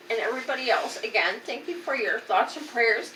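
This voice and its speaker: A woman's voice: on the high side, expressive, brisk, hardly any pauses, sharp tone. Tired, candid woman in her fifties. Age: 50s. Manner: candid, blunt, emotional. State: tired and unwell. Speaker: vlogger. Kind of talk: casual personal update. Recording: roomy, distant, faint background noise.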